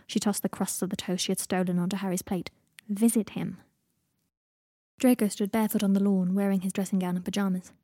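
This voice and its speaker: A woman narrating a fan fiction audiobook in an even, steady storytelling voice. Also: mid-range voice, fast talker, hardly any pauses, no echo, studio quality.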